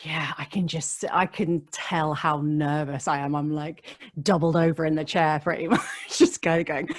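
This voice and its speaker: A woman's voice: deep voice, level tone, unhurried. A woman, a radio DJ, chatting as a podcast guest and telling stories with frequent laughs. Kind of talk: casual interview chat.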